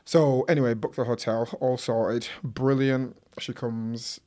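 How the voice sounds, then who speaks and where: A man's voice: mid-range voice, steady tone, measured pace, dark tone. Young yorkshire guy chatting on a podcast, laughs a lot, acts out what people said. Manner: chatty, laughs often, acts out quoted voices. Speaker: podcast guest. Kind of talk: casual chat.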